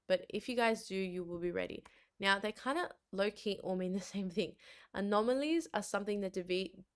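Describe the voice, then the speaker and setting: A young woman with an Australian accent giving a casual revision lecture, chatty and laughing between points, with "like" and "low-key" all through. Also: smooth. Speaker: exam revision presenter.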